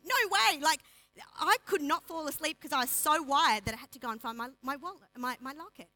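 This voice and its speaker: A woman delivers a lively sermon from a pulpit, talking in a casual, conversational way full of asides. Her voice sits high and bright, and she keeps switching into the voices of the story's characters as she retells scripture. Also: low-quality recording. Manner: animated, acts out dialogue of story figures; chatty, uses "like" and asides. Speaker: preacher.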